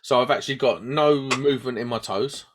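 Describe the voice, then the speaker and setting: Against a noisy background, a man with a mid-range voice tells a story briskly on a podcast he co-hosts. The casual chat finds him animated, acting out quoted voices and laughing at himself.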